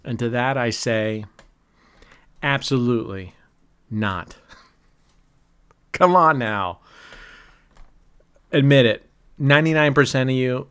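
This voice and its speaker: Slow-talking joking man calling roulette. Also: medium pitch, a bit bright, clean tone. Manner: joking, chatty, laughs often; cheers and groans at results. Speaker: casino vlogger. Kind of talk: casual live commentary.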